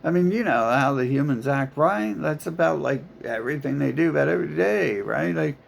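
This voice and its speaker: A man's voice: fairly high pitch, expressive, moderate pace, creaky. A man talking in a rambling, profane monologue full of filler words and restarts.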